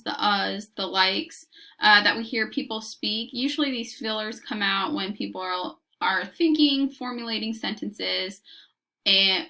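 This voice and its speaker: Bright-voiced woman giving a lecture. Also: medium pitch. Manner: measured, explanatory, occasional restarts. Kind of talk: recorded lecture.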